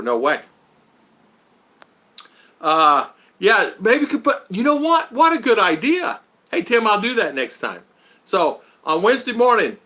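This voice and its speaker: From his home in the Philippines, a vlogger in his sixties chats casually on a live stream in a sharp, high-pitched voice. He reads viewer comments aloud and laughs frequently.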